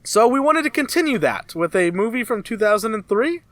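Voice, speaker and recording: Male podcast co-host, high voice, dry close sound, loose announcing style. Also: sing-song, brisk, a bit bright, no echo. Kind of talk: casual chat.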